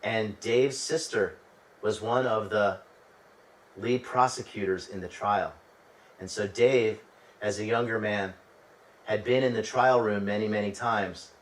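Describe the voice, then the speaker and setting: A man with a fairly low voice recounts a story from his travels in a relaxed, chatty monologue. He restarts phrases and turns to the listener with asides. His voice sits a little back from the microphone. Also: unhurried, far from the mic, poor audio. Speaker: host telling travel stories.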